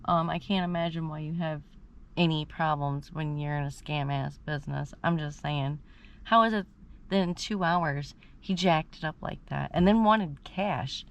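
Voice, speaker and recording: A woman vlogger telling a story in an animated, indignant and profane way while sitting in her parked car. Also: sits low, normal speed, highs cut off, a little hiss or hum. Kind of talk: casual storytelling vlog. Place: in a parked car, then outdoors on location.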